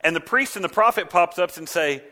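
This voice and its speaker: Guy preaching a sermon, bright ringing voice, acts out mocking voices now and then. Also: high-pitched, brisk. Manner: animated, mimics mocking voices. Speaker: pastor.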